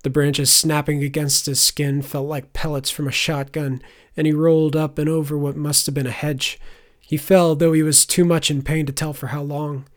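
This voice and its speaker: A man narrating a fantasy audiobook in a measured, scripted way, turning soft and low in reflective passages. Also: flat delivery.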